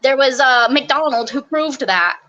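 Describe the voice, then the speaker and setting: A young woman telling stories from army basic training in a casual interview, lively and quick, acting out the quotes. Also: high-pitched, highs cut off, a crowd in the background. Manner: animated, quick storytelling with acted-out quotes.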